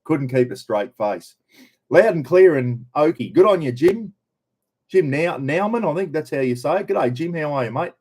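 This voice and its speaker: A man's voice: fairly high pitch, animated, normal speed, a little mellow, breathy edge. An Australian man hosting a casual live stream, greeting viewers by name in a chatty, laid-back way. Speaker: livestream host. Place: in a caravan on the road.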